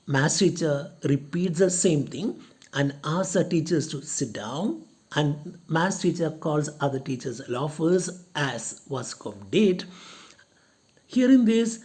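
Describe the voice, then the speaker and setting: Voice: medium pitch, animated, a little mellow. A lecturer explaining a play to students, going over each point again and again with strings of synonyms. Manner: slow, repeats points with lists of synonyms.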